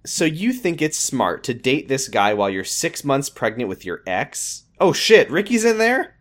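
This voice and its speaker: A man reads fan fiction aloud for a comedy podcast, his voice swinging widely up and down in pitch. He jokes and laughs between passages and keeps an animated, playful delivery. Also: moderate pace. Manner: animated, slips into mock voices and laughs often. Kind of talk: comedic reading and banter.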